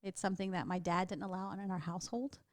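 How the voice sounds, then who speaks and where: A woman's voice: fairly low pitch, little pitch movement, fast talker. A middle-aged woman with a Texan accent, co-hosting a podcast and telling stories in a chatty way, laughing often. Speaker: podcast co-host. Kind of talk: casual chat.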